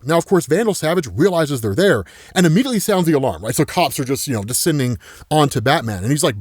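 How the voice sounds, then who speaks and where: Enthusiastic male explainer with a lively, fairly high voice and a dry, close sound. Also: fast, no echo. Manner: excitable, peppers speech with "right?". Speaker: comics explainer YouTuber. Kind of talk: casual enthusiastic story recap.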